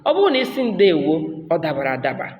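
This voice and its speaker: A man with an Igbo accent giving a spoken Igbo language lesson, repeating each word slowly and switching between Igbo and English. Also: on the high side, big pitch swings. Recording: echoey room with long reverb.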